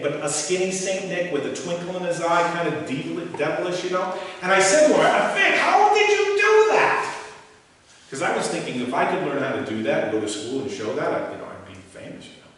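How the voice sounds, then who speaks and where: A man in his sixties gives a motivational talk, questioning the audience and telling stories animatedly. His voice sits a little high for a man. It comes from far off in a big, echoey hall with a long reverb tail. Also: animated, brisk, fairly bright tone, a little hiss or hum. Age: 60s. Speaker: motivational speaker.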